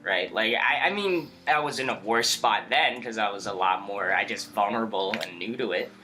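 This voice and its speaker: A young man telling a story as a podcast co-host, animated, laughing often and full of fillers. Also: lowish voice, normal speed, soft background music. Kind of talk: casual storytelling chat.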